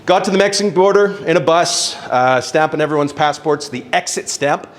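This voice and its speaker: A young adult man telling a casual, animated story as a speaker at a networking event, swearing now and then. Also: a little high, fairly quick. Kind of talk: storytelling talk on stage. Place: event venue with live audience.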